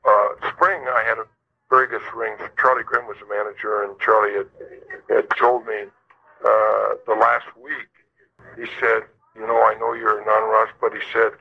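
This older former ballplayer, being interviewed, rambles through stories full of fillers and restarts. His lowish voice is creaky and slightly rough, his delivery flat at a moderate pace. The recording sounds dull and lo-fi.

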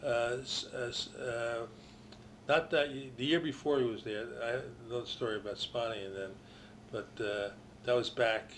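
An older man spins rambling, animated anecdotes from his playing days, breaking off and restarting as he goes. His voice sits at an ordinary middle pitch. A faint hum runs under the recording. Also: normal speed. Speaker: former ballplayer telling stories. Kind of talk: casual storytelling interview.

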